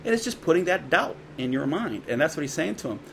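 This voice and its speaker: A man's voice: a little high, very animated, gravelly, fairly bright tone, slight background noise. Man preaching a casual sermon. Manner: conversational preaching, quick asides, dramatic quoted voices. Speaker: pastor.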